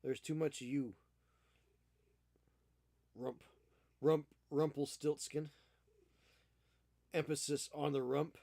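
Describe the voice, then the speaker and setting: A man's voice: mid-range voice, fairly even intonation, slow, vocal fry, long pauses, a little mellow, no room sound. Playful man baby-talking to his cat. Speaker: miniature painting streamer. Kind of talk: casual stream chat.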